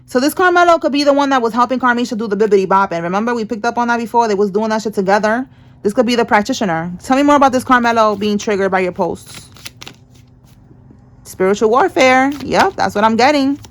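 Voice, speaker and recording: A woman with a slightly high voice gives a loose, chatty tarot reading. She talks bluntly in casual slang and laughs easily between thoughts. Her tone stays relaxed and conversational. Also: fast talker. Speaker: tarot reader.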